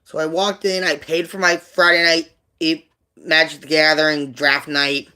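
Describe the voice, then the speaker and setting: Bright-voiced man telling a personal story. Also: on the high side, little pitch movement, clean tone. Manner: rambling, halting, with many fillers and repeats; subdued and emotional when telling painful memories. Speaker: livestream host.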